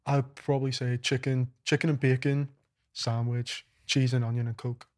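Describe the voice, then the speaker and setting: A man guesting on a casual chat show, easygoing and quick to agree and laugh. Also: mid-range voice, little pitch movement.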